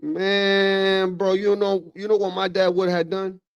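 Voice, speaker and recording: A high-pitched but gravelly voice, clear and resonant, comes through a muffled recording as a man hosts a livestream at a measured pace. He reacts with slang-heavy, casual commentary, calls everyone "bro," and adds animated asides.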